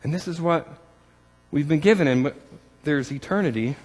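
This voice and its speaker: A man preaching a sermon as pastor, earnest and questioning, rising in his appeals and dropping quiet on key words. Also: on the high side, normal speed, in a large hall.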